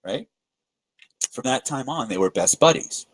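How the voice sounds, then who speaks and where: In a live webinar on persuasion, a man teaches through stories, animatedly acting out the voices of the people in them and often restarting with fillers. His voice is medium-pitched and slightly breathy at a measured pace. The audio is poor, with no room sound.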